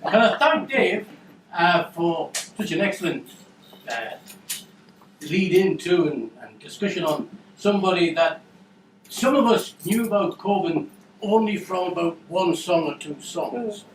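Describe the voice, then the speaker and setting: A man's voice: sits high, animated, measured pace, slight background noise. A man hosting a book launch, talking in a rambling, jokey way with lots of restarts. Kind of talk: casual public remarks. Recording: echoey room from far off.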